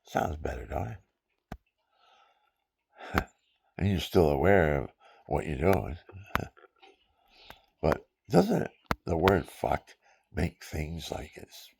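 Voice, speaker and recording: Gravelly, low-voiced old man rambling. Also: big pitch swings, takes it slowly, pauses often, a little mellow. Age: 70s. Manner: rambling and digressive, chuckling at his own asides. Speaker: veteran speaking his mind. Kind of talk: rambling casual monologue.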